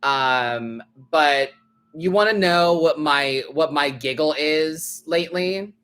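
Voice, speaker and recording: A man's voice: on the high side, takes it slowly, a bit bright, clear, resonant tone. A man hosting a live tarot stream, talking in a loose, chatty way full of "like" fillers, casual swearing and frequent laughter. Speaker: tarot reader, host.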